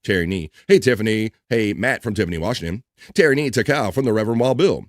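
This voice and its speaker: A man's voice: lowish voice, expressive, quick pace, no echo. A man hosting a live stream, chatting casually and reading viewer messages aloud in an upbeat way. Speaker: livestream host.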